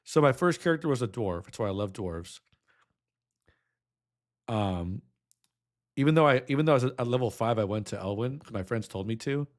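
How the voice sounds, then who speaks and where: A man's voice: mid-range voice, lively intonation, a little fast, pauses often. A young adult man streaming, reacting with emotion, choked up and nostalgic, humming a melody now and then.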